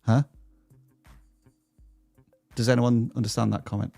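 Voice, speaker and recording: Male live-stream host, chatty and upbeat, mid pitch, dry close sound. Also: flat delivery, unhurried, gravelly, dark tone, no echo, soft background music. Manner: upbeat, chatty, stumbles over names. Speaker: livestream host reading viewer questions. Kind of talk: live channel-review stream.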